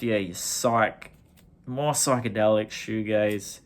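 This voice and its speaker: Middle-aged aussie bloke rambling about vinyl, gravelly voice, keeps correcting himself. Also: male voice, mid-range voice, steady tone, measured pace. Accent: Australian. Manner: rambling, self-correcting, chatty with slang. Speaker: vinyl collector reviewing records. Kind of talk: casual record review vlog.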